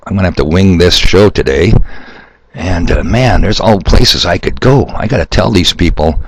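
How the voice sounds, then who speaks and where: A man's voice: deep voice, no room sound, rough recording. A man hosting his own video, talking off the cuff to his viewers in a rambling, sarcastic, preachy way. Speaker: video host. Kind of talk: improvised monologue to viewers.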